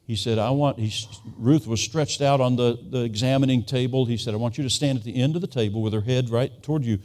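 A man's voice: mid-range voice, fairly quick, a little mellow. A man in his sixties preaching a sermon, telling a family story earnestly and acting out the voices he quotes.

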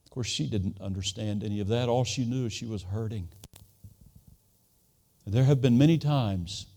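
A man's voice: fairly low pitch, moderate pace, mellow. A man in his sixties preaching a sermon, telling a family story earnestly and acting out the voices he quotes.

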